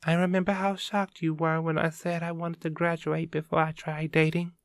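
A man's voice: fairly high pitch, flat delivery, moderate pace, gravelly, dry recording, studio quality, pitched above the performer's own voice. A man voicing a tearful young woman fighter who pleads through sniffles. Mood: fond.

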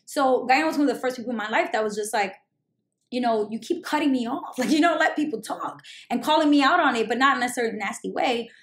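Fast-talking woman. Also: a little high, roomy sound. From Brooklyn, New York. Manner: talkative, animated storytelling. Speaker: channel host. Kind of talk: casual chat with a friend.

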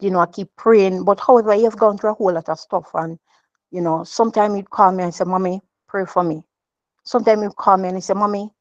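A woman's voice: medium pitch, no room sound. Earnest mother giving testimony. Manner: earnest, repetitive, emotional, with many restarts. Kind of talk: devotional testimony. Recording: dull, dry lo-fi sound.

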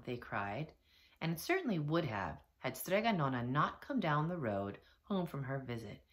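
Low-voiced, lively teacher reading aloud. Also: female voice, moderate pace. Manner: expressive, gentle, speaking to children. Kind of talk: storybook read-aloud.

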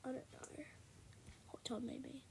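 A young woman chatting casually while she plays a game for her video, rambling and now and then bursting out loudly. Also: slow pace, whispered. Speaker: gaming video creator. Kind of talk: casual gameplay commentary.

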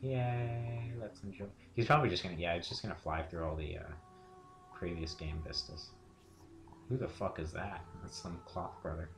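A man's voice: low-pitched, normal speed, background noise. A young man casually commenting on a video game with a friend, joking and laughing often. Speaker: let's play commentator. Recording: roomy echo with game music.

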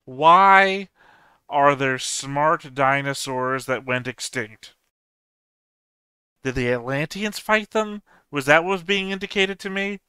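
Male reaction host, clear smooth voice, casual musing delivery. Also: medium pitch, a little slow, sharp tone, no room sound. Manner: thinking aloud, puzzling over theories. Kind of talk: casual solo reaction commentary.

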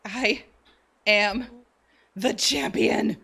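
A woman's voice: fairly high pitch, extremely slow, vocal fry, sharp tone, breathy edge, exaggerated voice. A woman voicing a cocky, teasing boy sidekick in a story game. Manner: boastful and teasing.

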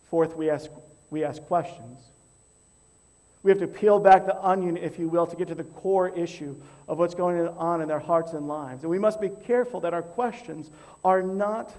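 A man preaching as a pastor, teaching in a measured, emphatic way and counting off numbered points. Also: high voice, a little mellow. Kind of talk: teaching sermon.

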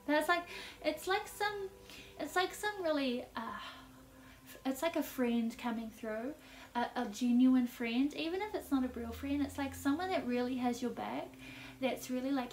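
A woman's voice: high-pitched, expressive, measured pace, a little mellow, a little hiss or hum. A woman giving a casual intuitive tarot reading, chatty, laughing often and leaning on "like" as she talks. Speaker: tarot reader. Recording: echoey room, mic at a distance.

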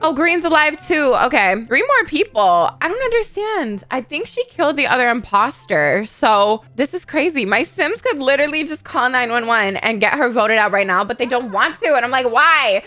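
Bubbly high-voiced woman gaming commentator. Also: normal speed, few pauses, no echo. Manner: excitable, profane, shrieks at sudden moments. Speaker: gaming video host. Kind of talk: playful gameplay commentary.

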